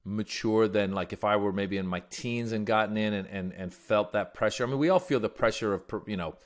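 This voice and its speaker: A man from Iran, a guest comedian, telling stories in a casual, animated way. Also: on the low side, fairly quick. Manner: animated storyteller. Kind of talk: casual storytelling.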